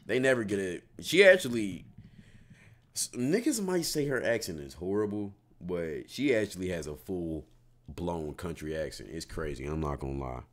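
Slangy, animated low-voiced guy. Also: moderate pace. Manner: slangy, blunt. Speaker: co-commentator. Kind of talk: casual chat.

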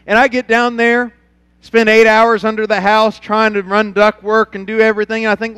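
A male pastor preaching a sermon, telling a personal story and moving from quiet, low passages to loud, fervent ones. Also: flat delivery, moderate pace, smooth, no room sound. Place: church.

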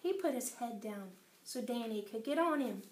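A woman preschool teacher talks to small children and reads them a storybook. Her voice is high and bright, and she swoops up and down with great expression. The echoey classroom rings around her. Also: lively intonation, normal speed, slight background noise. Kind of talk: circle time lesson and read-aloud.

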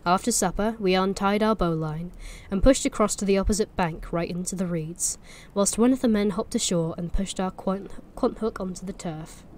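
A woman reading a ghost story aloud in a relaxed way, with little apologetic asides. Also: medium pitch, moderate pace, few pauses, a little hiss or hum. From Norfolk, England.

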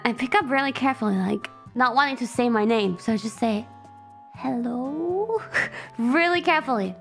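A woman streamer casually telling a story in an animated, flustered way, laughing and repeating herself. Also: fairly high pitch, quick pace, creaky, soft background music.

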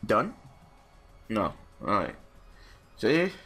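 A young man giving casual gameplay commentary, swearing and ranting in exasperation, swinging between mumbled asides and loud outbursts. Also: on the low side, huge pitch swings, extremely slow, husky, soft background music. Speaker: gaming channel host.

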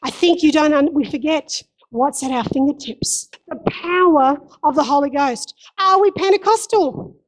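Female pastor, high-pitched, impassioned church sermon delivery. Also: normal speed, hardly any pauses, poor audio. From Australia. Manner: impassioned, emphatic repetition.

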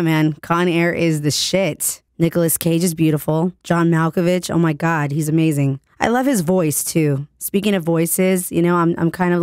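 A woman DJ hosting her podcast while sick, her voice hoarse and raspy, chatting playfully and joking about herself. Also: sits low, darkish tone, no echo, studio quality. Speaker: radio DJ and podcast host. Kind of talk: casual solo podcast chat.

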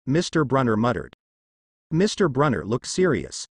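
Male narrator, storybook reading, lively pitch, dry close sound. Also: moderate pace, dry recording.

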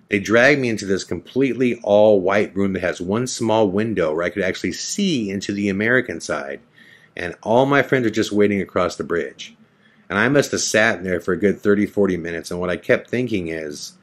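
A man hosting a podcast, telling a story from his own life in an animated way and acting out the voices of the people in it. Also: deep voice, brisk. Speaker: podcast host. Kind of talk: personal storytelling. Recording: podcast audio.

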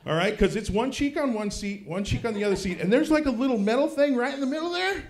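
Stand-up comic, man, thirties, high animated delivery, roomy club mic. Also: fast. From Kansas City, United States. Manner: animated, swings from low mutters to loud shouted punchlines. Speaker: stand-up comedian. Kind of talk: stand-up comedy set. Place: comedy club stage.

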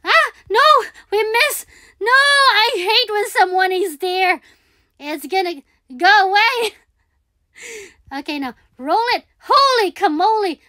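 A high-voiced woman talks her way through a game at an unhurried pace. She repeats her words and pleads with the game as she plays. Her voice sits dry and close to the mic. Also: animated, bright, forceful tone, no room sound. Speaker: gaming video creator. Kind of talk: live gameplay commentary.

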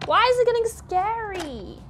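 Excitable woman streaming a game. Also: very high voice, a little slow, noisy background. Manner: excitable, exclaiming, laughing often. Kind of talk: live gameplay commentary. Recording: game sounds loud in the background.

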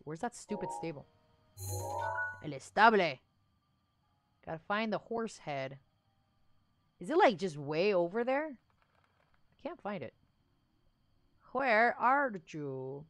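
Chatty young woman streaming a game, lively pitch. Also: no echo. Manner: chatty, laughs often, talks to chat and her horse. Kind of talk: casual live-stream chat.

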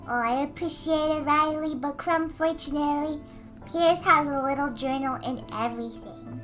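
A woman streaming casually while she draws, answering chat, giggly and given to excited squeals. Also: sits high, normal speed, faint music behind. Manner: responds to chat messages.

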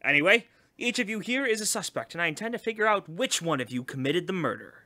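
A man's voice: high-pitched, big pitch swings, fast talker, bright, forceful tone, no echo, full character voice. A man playing an impatient detective in a college radio murder-mystery spoof. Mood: brusque. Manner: curt, impatient. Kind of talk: college radio comedy sketch.

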